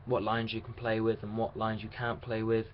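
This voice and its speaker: A man's voice: fairly low pitch, completely flat delivery, moderate pace. A young man talking through a casual video diary about his radio drama rehearsals, chatty and rambling with restarts. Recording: dull lo-fi sound with faint hiss.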